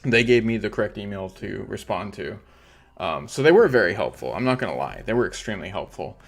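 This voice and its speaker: A man's voice: lowish voice, sing-song, fairly quick, vocal fry. A man hosting a casual livestream, ranting in frustration and swearing heavily. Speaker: crypto livestream host.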